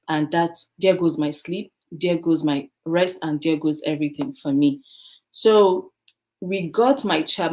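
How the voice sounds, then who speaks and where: An African-born woman with a low voice talks as a guest in a casual interview. She tells stories from her own life in a lively way and laughs often. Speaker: guest, beautician.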